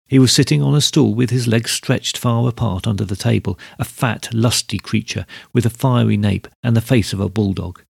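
Guy reading a story aloud, steady and measured, gravelly voice, dry sound. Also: on the low side, no echo. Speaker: narrator.

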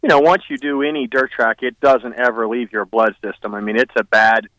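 A man talking as a guest on a racing radio show, relaxed and rambling, with lots of fillers. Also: mid-range voice, fairly quick, no room sound, poor audio. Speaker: guest, racing team owner. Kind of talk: casual phone interview.

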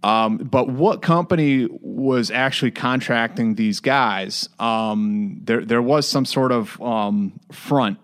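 A man's voice: mid-range voice, slow, few pauses, a bit bright, smooth. A man from the United States talking through a story in casual podcast chat, with frequent fillers and restarts. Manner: conversational, many fillers and restarts.

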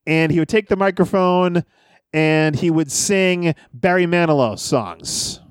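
Rambling man with a smooth voice. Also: fairly high pitch, unhurried, no echo, studio quality. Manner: rambling storyteller, laughs often. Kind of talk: casual wrestling podcast chat.

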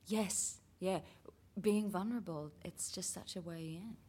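An Australian woman talking about theatre in a lively casual chat. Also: on the low side, a little slow, slightly rough. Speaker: actor, writer.

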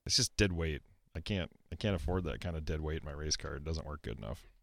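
A man's voice: a bass voice, lively intonation, fast talker, gravelly, fairly bright tone, a little hiss or hum. A man co-hosting a racing talk show, chatting in an easygoing, joking, rambling way. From South Dakota. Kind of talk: casual chat.

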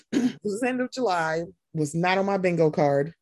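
A woman hosting a podcast in casual chat, animated and profane, acting out quotes in voices. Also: on the low side, normal speed. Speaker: podcast host.

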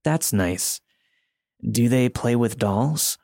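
A man doing a slow, slurred, creepy stranger. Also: medium pitch, vocal fry, no echo, studio quality. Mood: soft creepy. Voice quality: slow slurred speech, childlike phrasing. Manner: eerily calm and unaffected.

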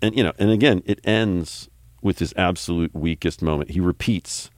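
A man's voice: low voice, normal speed, no room sound, clean studio sound. A man co-hosting a podcast, chatting casually and wryly picking apart a song's performance. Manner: wry, opinionated, mock-sings quotes. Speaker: podcast co-host. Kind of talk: casual music review chat.

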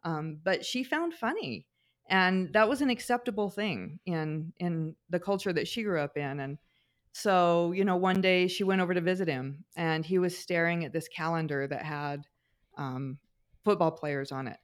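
A middle-aged woman, a guest on a talk show, telling personal anecdotes in an expressive, animated way. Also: lowish voice, moderate pace. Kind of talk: conversational storytelling.

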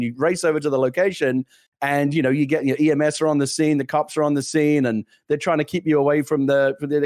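A man's voice: on the high side, quick pace, no room sound, studio quality. A middle-aged British man chatting on a podcast, telling stories animatedly with frequent laughs and restarts. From Britain. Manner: animated storyteller, laughs often, many restarts. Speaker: podcast co-host. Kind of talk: casual chat.

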